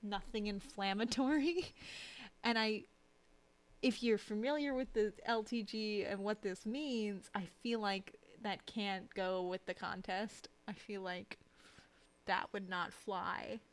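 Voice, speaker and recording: A woman streamer chatting casually while she draws, rambling and self-deprecating, with lots of fillers and restarts and a habit of dropping to a low mutter as she works. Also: fairly even intonation, takes it slowly. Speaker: streamer and artist. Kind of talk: casual live-stream chat while drawing.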